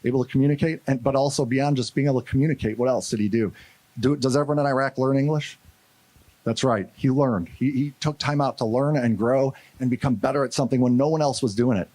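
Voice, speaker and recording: Animated man telling a war story. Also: mid-range voice, quick pace, dry recording. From St. Louis, USA. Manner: animated, acts out quotes. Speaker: conference speaker. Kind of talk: storytelling keynote talk.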